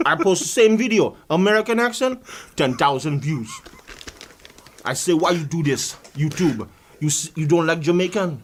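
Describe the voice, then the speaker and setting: A man hamming up a fake Jamaican stoner with a high, bright voice, dropping "me" in place of "I" and stretching out "man" at the end of every line. The delivery is mock-earnest, with laughter breaking through the act. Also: sing-song, a little hiss or hum. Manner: broken "me" grammar, drawn-out "man" at line ends. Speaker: guest comedian.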